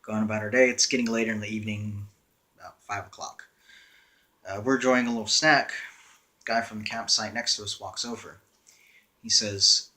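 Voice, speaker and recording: Young male vlogger, casual storytime narration, wry and conversational, bright forward voice. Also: fairly low pitch, fairly even intonation, normal speed, long pauses. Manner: wry, conversational, with frequent "uh" fillers.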